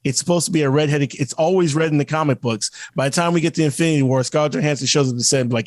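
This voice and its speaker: A man's voice: a little high, steady tone, brisk, dry recording, clean studio sound. A man co-hosting a podcast in casual chat, rambling with restarts and playful acted-out quotes. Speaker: podcast co-host.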